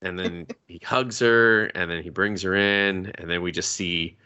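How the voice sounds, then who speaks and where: A man's voice: sits low, measured pace, smooth. A man co-hosting a podcast, recapping an anime episode in casual, profane chat and acting out the characters' lines. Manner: profane, animated, acts out quotes. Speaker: podcast co-host.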